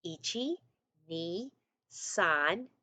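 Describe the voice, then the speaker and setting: A woman first grade teacher reading a storybook aloud to her class, animated and coaxing, with little asides to the children. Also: lowish voice, very slow, no echo.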